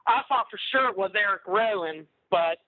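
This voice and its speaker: A man's voice: sits high, normal speed, no room sound. A man calling in to a show, chatting casually in a joking, rambling way over the phone. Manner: joking, rambling, prone to pranks. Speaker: caller. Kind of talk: casual chat. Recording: tinny phone line.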